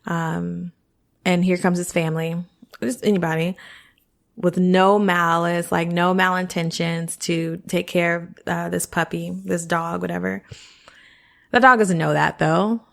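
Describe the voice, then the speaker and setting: This woman has a fairly low, creaky voice with a steady tone, speaking a little slowly. She hosts a podcast, giving frank, chatty advice and checking in with the listener often.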